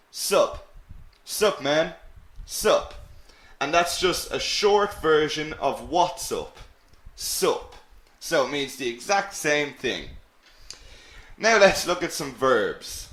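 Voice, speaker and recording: A man leads an English lesson in a slow, deliberate way, with a slightly raised pitch. He stays upbeat and encouraging and repeats key words. The room gives his voice a noticeable echo. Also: fairly bright tone. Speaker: English teacher. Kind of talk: live online English lesson. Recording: roomy echo.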